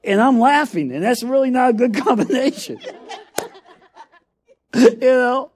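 A man's voice: extremely high pitch, animated, measured pace, a little mellow. A middle-aged man preaching a sermon, telling a story with frequent laughter and repeated calls of "come on".

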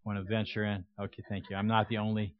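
A man's voice: lowish voice, flat delivery, quick pace. An older man preaching a conversational sermon in a church, telling stories with folksy humor. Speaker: guest preacher. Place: church sanctuary. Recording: dull, lo-fi dry sound.

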